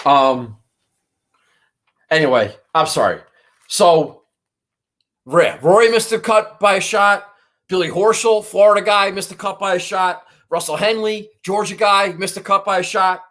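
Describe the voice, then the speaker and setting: A man with a somewhat high voice hosts a casual golf betting show. He rambles and swears freely, venting his frustration as he talks through his picks. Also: measured pace, fairly bright tone. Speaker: golf betting podcast host. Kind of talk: casual chat.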